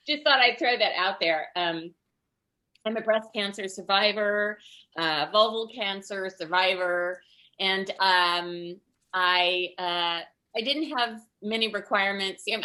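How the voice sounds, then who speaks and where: An older woman with a bright, forceful voice performs stand-up over a video call. She tells her stories with lively acted-out voices and frequent laughs. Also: mid-range voice. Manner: animated storyteller, acts out voices, laughs often. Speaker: stand-up comedian. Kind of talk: stand-up comedy storytelling.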